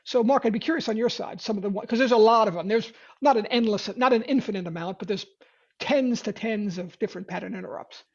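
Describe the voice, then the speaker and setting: A man teaching sales prospecting in a webinar, talking in a lively way with quick restarts. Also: high-pitched, dull audio. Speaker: sales trainer.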